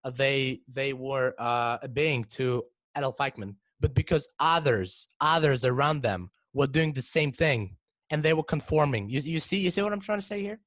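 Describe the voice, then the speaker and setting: A man's voice: medium pitch, normal speed, a bit bright, dry recording. A teenage boy co-hosting a casual podcast discussion, explaining ideas with frequent restarts and repeated words. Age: teens. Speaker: podcast co-host.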